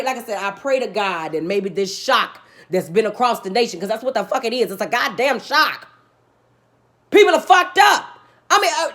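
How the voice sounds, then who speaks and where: A woman vlogs an intense rant thick with profanity, preaching as she forcefully repeats what she's saying. Her voice rises to loud outbursts, then sinks into low, subdued stretches.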